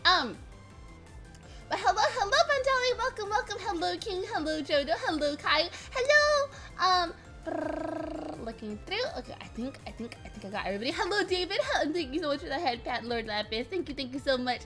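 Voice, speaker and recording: A woman's voice: high voice, expressive, quick pace, bright, forceful tone, soft background music. A woman streamer chatting with her viewers, still getting over a cold, her voice cracking now and then, bubbly and giggly as she greets people one by one. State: recovering from illness, voice cracking. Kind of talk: casual live-stream chat with viewers.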